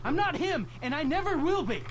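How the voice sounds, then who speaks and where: Game character: a bitter, shouting boyfriend, very animated. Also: male voice, extremely high pitch, a little fast, noisy background. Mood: angry. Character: angry bitter grown man, sarcastic.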